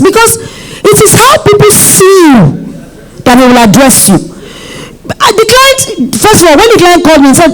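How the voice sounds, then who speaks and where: High, lively woman giving advice. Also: low-quality recording. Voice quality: direct, reassuring, advisory. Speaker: event planner speaking on a panel. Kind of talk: answering audience questions at a seminar.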